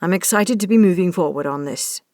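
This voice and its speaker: A woman voicing a courteous middle-aged businessman with a crisp British accent. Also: on the low side, a little fast, darkish tone, no room sound, clean studio sound, natural voice. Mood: cordial.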